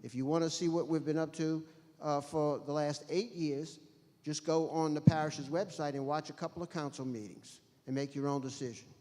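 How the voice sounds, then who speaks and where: A man's voice: on the high side, normal speed. Businesslike man, echoing hall. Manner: steady, lists priorities, businesslike. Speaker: candidate for parish president. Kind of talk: closing statement at a candidates forum. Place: school auditorium. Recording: reverberant auditorium with long echo.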